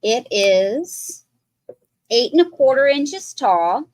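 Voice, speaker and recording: A woman's voice: a little high, big pitch swings, slow, darkish tone, no room sound. A woman hosting a live online sale, describing a piece of pottery in chatty detail. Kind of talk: live sales presentation.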